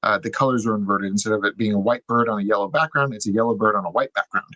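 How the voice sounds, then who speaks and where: A man's voice: lowish voice, rapid-fire, bright, forceful tone, no room sound, lo-fi sound. A young man co-hosting a podcast, explaining things in a casual, chatty way with plenty of fillers. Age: young adult. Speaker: podcast co-host.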